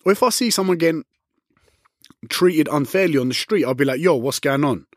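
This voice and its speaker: A man's voice: on the high side, animated, a little fast, dry recording, clean studio sound. A man in casual chat, telling a story bluntly, swearing freely and acting out the exchanges he quotes.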